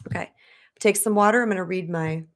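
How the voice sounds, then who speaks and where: A middle-aged woman coach talking live to her viewers and reading their chat, emotional and animated, speaking straight to the audience. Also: medium pitch, brisk. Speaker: spiritual empowerment coach.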